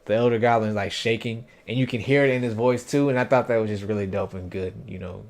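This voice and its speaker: A man's voice: lowish voice, fairly even intonation, fast, a little mellow. A man casually recapping an anime episode for his review, rambling and loose, with plenty of fillers, self-corrections and slang. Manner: informal slangy talk.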